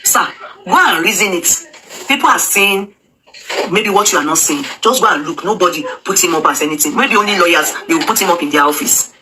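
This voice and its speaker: A woman's voice: fairly low pitch, background noise. A Nigerian woman commenting on current affairs in a casual, emphatic way, repeating herself, hesitating often and slipping into Pidgin. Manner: emphatic, repetitive, with Pidgin asides and frequent hesitations. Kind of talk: casual opinion talk.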